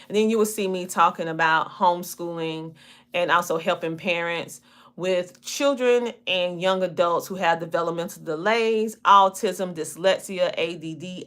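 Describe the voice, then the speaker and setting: A woman's voice: fairly low pitch, a bit bright. A woman in her forties with a Southern US twang, a podcast host and coach talking casually to viewers, her words drawn out and looping, often laughing. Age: 40s. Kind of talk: casual livestream talk to viewers.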